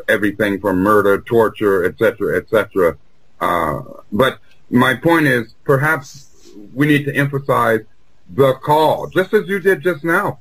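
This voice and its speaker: Husky-voiced man on a political talk show. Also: on the low side, a bit bright, dry recording, poor audio. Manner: earnest, halting with many restarts. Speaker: co-host.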